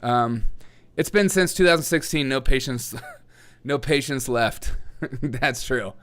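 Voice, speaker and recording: A male host delivers opinionated political commentary in a sarcastic, mocking tone. He laughs often as he talks, and his voice sits at an ordinary middle pitch. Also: takes it slowly, fairly bright tone.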